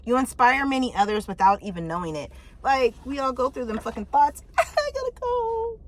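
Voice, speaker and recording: A woman reading tarot messages in casual chat, candid and loose, swearing freely and reacting out loud. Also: fairly high pitch, lively intonation, fairly quick. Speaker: tarot reader.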